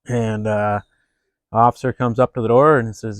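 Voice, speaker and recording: A man hosting a casual beer review and telling a joke, relaxed and halting, with many fillers. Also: on the low side, smooth, no echo. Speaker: host.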